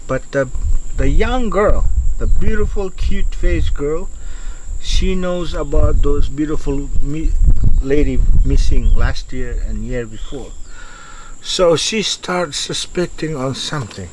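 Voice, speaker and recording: A man from Yap tells a folk legend in the open air, slowly and unhurriedly, in simple broken English with pauses and restarts. His voice sits a little high for a man, and faint crickets and insects are behind him. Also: slight background noise, low-quality recording. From Yap, Micronesia. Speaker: storyteller. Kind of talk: telling a local legend.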